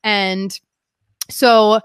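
A woman's voice: medium pitch, flat delivery, very slow, clear, resonant tone, no room sound. A young woman candidly telling a painful personal story as a guest, rambling with lots of "like" and shifting emotion. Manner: rambling, heavy use of "like", emotional.

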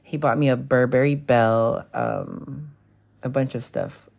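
A man's voice: mid-range voice, fairly even intonation, takes it slowly, gravelly, a little mellow. A man in his twenties from California, hosting a podcast and telling a personal story in a frank, profane, rambling way full of fillers. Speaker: podcast host. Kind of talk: casual confessional storytelling.

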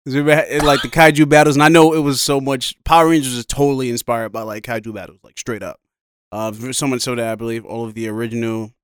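A man in casual chat, talking loosely and fast with slang and frequent laughs. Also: medium pitch, fairly even intonation, clean tone, dry recording, clean studio sound.

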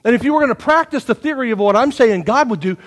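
A man preaching a folksy sermon to his congregation, swinging from hushed asides to loud, lively exhortation. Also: very high-pitched, fast talker, big-room sound. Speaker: pastor. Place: church sanctuary.

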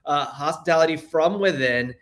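A man with a fairly high voice hosts a casual chat segment. He teases his guest in a playful way and talks things up with eager enthusiasm. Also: normal speed, fairly bright tone, slight background noise. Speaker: show host.

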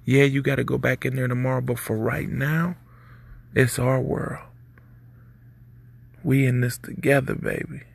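Male podcast host, gravelly and husky, easygoing preachy delivery. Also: mid-range voice, steady tone, measured pace, long pauses. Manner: laid-back, preachy, street slang. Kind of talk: casual advice monologue.

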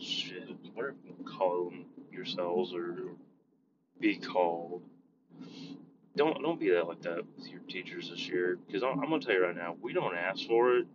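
Male vlogger, school worker, blunt and profane, talking from a moving car; very low voice, dull recording. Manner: blunt, swears freely. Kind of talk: casual rambling vlog. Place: inside a moving vehicle. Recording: dull lo-fi sound with road noise.

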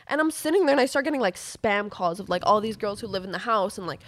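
A woman's voice: medium pitch, fast talker. A young woman telling a story as a podcast guest, rambling with constant fillers and swearing. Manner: rambling, filler-heavy, profane, animated retelling. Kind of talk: casual storytelling.

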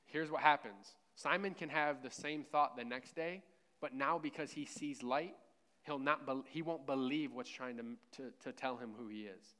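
A man's voice: medium pitch, moderate pace, fairly bright tone. A man preaching a conversational sermon, with joking asides and a self-deprecating tone. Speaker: pastor.

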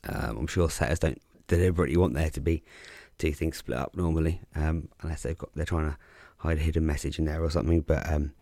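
A man casually explaining crossword clues as a podcast host, relaxed and chatty with frequent ums and restarts. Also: extremely low pitch, quick pace, hardly any pauses, no echo.

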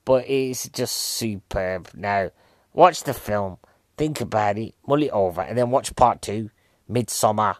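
Speaking a bit slowly in a lowish voice, a man in his forties rambles jokily through a casual film review on his podcast, often at his own expense. The sound is dry and studio-quality.

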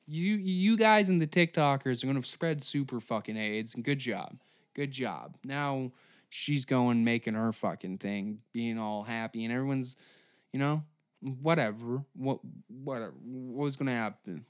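A man's voice: medium pitch, unhurried, smooth, no room sound, studio quality. A man hosting a comedy podcast, ranting sarcastically with lots of swearing and incredulous questions. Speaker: podcast host.

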